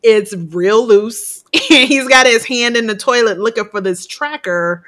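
A woman co-hosts a laid-back podcast, recapping a movie with lots of swearing and laughter. Her voice sits fairly high and rings bright and forceful. She slips into the characters' lines as she tells the story. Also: animated, normal speed. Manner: laughs often mid-sentence while recounting. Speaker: podcast co-host. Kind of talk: casual chat, retelling a film scene by scene.

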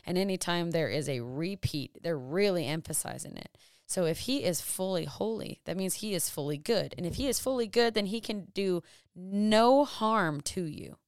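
A young woman giving a casual faith talk, animated, full of rhetorical questions and self-deprecating asides. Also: fairly low pitch, moderate pace, smooth, no room sound, clean studio sound. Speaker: Christian vlogger and small business owner.

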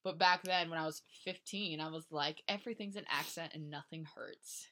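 A woman's voice: low-pitched, moderate pace, bright, forceful tone. A young woman co-hosting a podcast, joking about her old fan fiction and explaining things like a mock lesson. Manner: chatty and joking, explains things in a lecturing tone, laughs at herself. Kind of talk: casual chat.

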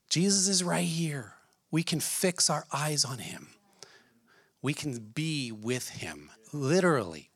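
A man's voice: medium pitch, fairly bright tone, no room sound. A man preaching a sermon in an earnest way, asking his listeners many questions. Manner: earnest, asks the audience questions.

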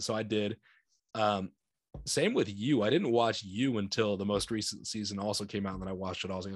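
An American podcast co-host talks fast in a voice on the low side, rambling loosely and laughing often. He acts out his own reactions as he chats, captured in a dry, studio-quality recording.

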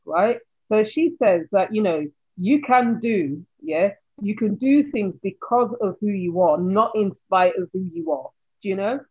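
A woman sociologist speaking as a guest in a casual podcast chat, emphatic and animated, with many fillers. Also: medium pitch, husky. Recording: tinny phone-like line.

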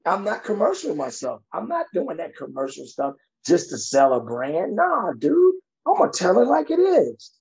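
A man's voice: sits high, huge pitch swings, moderate pace, vocal fry, hardly any pauses, a little mellow, dull audio. A man who works as a coach, talking bluntly and emphatically in a conversation and giving tough-love advice. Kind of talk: podcast conversation.

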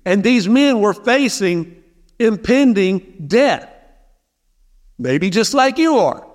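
A man's voice: sits high, big pitch swings, slow, in a large hall. A male pastor preaching a sermon in a conversational, emphatic way, often repeating key phrases for weight. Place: church sanctuary.

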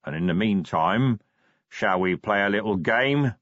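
A man voicing a clever male troll who speaks quietly and patiently, like a school teacher. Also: lowish voice, animated, no echo, highs cut off. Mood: calm, measured. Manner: measured, patient, lightly teasing.

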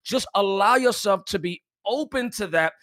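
Preacher dude on a podcast, high voice, encouraging, super dry mic. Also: male voice, animated, normal speed, fairly bright tone, dry recording. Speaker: podcast guest, minister. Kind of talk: exhortation in podcast discussion.

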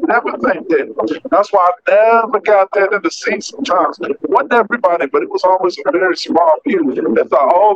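Brief: male podcast co-host, high-pitched, rambling and earnest, muffled noisy recording. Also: a bit bright. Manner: rambling, earnest, many restarts. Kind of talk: casual faith chat.

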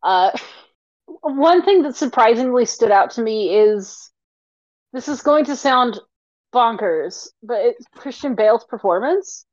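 Chatty higher-voiced woman co-host. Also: animated, slow pace, no echo, highs cut off. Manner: chatty, leans on "like" as a filler. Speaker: podcast co-host. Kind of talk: casual chat.

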